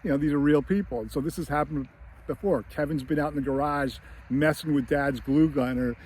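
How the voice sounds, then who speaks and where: A man's voice: on the high side, fairly even intonation, a little fast, darkish tone, slight background noise. A man giving a casual, rambling film analysis with many fillers and chuckles. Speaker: screenwriting commentator.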